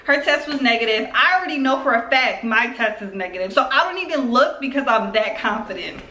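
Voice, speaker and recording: A woman in her twenties from Philadelphia telling a personal story on her vlog in a chatty, animated way full of fillers. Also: fairly high pitch, a little fast. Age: 20s. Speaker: YouTuber. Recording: roomy echo.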